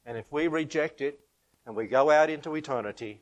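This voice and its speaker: A man's voice: on the high side, a little fast. Man, preacher, sermon, frequent chuckles, rising and falling emphasis. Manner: chuckles often, rises and falls in emphasis.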